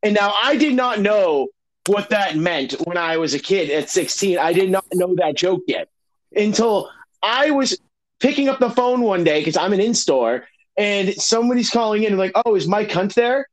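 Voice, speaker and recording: A man's voice: high voice, expressive, normal speed, low-quality recording. Rambling, profane young man. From Massachusetts. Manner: rambling, profane, many fillers and restarts. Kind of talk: casual storytelling chat.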